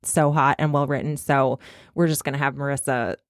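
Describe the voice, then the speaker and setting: A woman hosts a podcast, walking through a gossip-filled story in a chatty, wry way. Her voice sits low. The sound is dry and close to the mic. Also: fairly even intonation, normal speed, no room sound. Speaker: podcast host. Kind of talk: casual chat, narrating researched gossip.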